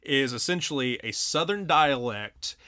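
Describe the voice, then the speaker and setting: A man's voice: medium pitch, expressive, measured pace, pushed and bright, dry recording, studio quality. A man who teaches writing, explaining his approach to students' writing in an earnest, explanatory way. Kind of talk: casual conversation about teaching.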